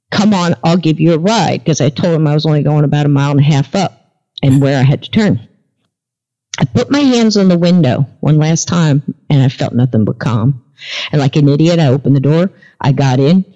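Woman telling a tense story, lo-fi. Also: low voice. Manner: animated storyteller, acting out dialogue. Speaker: podcast guest. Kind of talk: storytelling in a casual interview. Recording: dull lo-fi recording.

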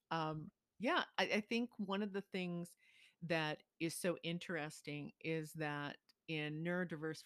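Low-voiced woman host, dry sound. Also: dry recording. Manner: affirming listener, explanatory. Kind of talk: conversational interview.

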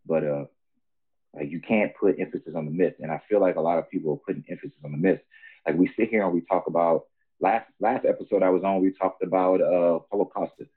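Deep husky guy on a phone-ish line, earnest podcast talk. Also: steady tone, fast, phone-quality sound. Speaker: guest fighter. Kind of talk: casual podcast chat.

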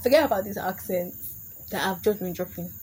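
A woman's voice: mid-range voice, brisk, darkish tone, a little hiss or hum. A young adult woman hosting a casual comedic podcast, chatty and laughing often as she slips into put-on voices. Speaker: podcast host.

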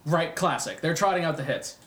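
A young man, co-hosting a casual podcast and telling a profane, animated story that acts out the other voices. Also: fairly high pitch, a little fast, a little hiss or hum. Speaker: podcast co-host. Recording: echoey room.

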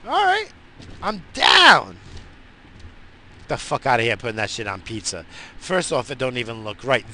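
Long pauses break up this man's stoned, rambling chat from a parked car, where he vlogs with animated, profane rants that drift between thoughts. He speaks at a medium pitch and a little slowly.

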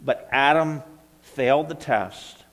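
Conversational pastor in a reverberant hall. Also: male voice, mid-range voice, takes it slowly, fairly bright tone. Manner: conversational preaching, frequent "right?" and "okay?" checks. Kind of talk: sermon.

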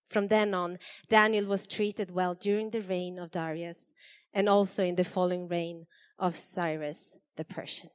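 A woman giving an expressive Bible reading to a church congregation, her voice rising for the quoted speakers. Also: fairly low pitch, moderate pace, clear, resonant tone. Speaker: scripture reader. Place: church hall. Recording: long hall reverb.

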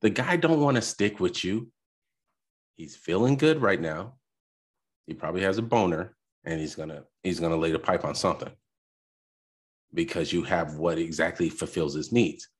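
Deep husky man, blunt podcast rant. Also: moderate pace, pauses often. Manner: blunt, opinionated, rambling with restarts. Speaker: podcast host. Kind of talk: reacting to a clip, ranting commentary.

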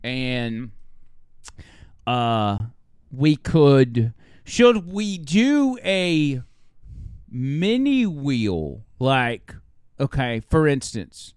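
Brief: male host, clear resonant mid voice, relaxed brainstorming. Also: medium pitch, drawn-out words, no echo, studio quality. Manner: brainstorming, spitballing ideas. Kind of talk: casual chat.

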